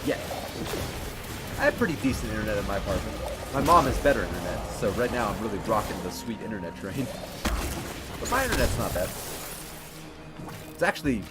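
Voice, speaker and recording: A man's voice: on the low side, very animated, brisk, long pauses. A young man streaming a game, rambling casually with lots of giggles and baby talk for his dog. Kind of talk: casual livestream chat while gaming. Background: game music.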